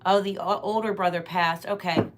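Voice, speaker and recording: A woman's voice: fairly low pitch, fairly even intonation, normal speed, noisy background. Woman, tarot livestream host, chatty, rambling, casual, addresses viewers.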